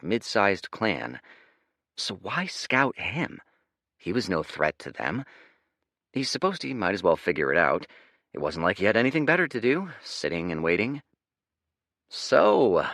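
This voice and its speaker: A man's voice: deep voice, bright, forceful tone, dry recording, clean studio sound. A man narrating an audiobook expressively, switching into character voices. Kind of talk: scripted narration.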